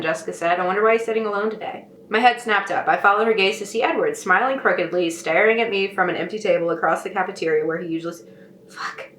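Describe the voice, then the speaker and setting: Her voice sits on the low side with a bit of brightness as this woman writer reads from a novel. She keeps interrupting herself with snarky, sarcastic commentary in casual speech, recorded in an echoey room with slight noise.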